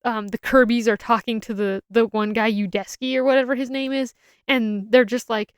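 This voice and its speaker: Young woman rambling through a movie review, kinda high voice, super dry close sound. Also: fairly even intonation, normal speed, clean tone, no room sound. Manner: rambling, opinionated, frequent self-restarts. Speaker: film reviewer. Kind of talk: casual spoken film review.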